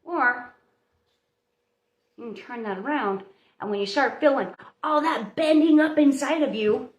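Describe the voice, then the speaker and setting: Chatty mom in roomy kitchen. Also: female voice, high voice, measured pace. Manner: chatty, motherly, talks straight to viewers. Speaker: host of a live baking stream. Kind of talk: casual live-stream pep talk. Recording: roomy echo.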